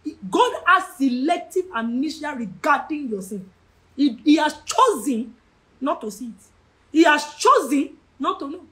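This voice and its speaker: A young woman with a Nigerian English accent teaches a Bible study, her voice high and bright. She swings all over her range, stacking repeated phrases and raising her voice to drive each point home. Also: sing-song, measured pace. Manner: passionate, repeats phrases, shouts for emphasis.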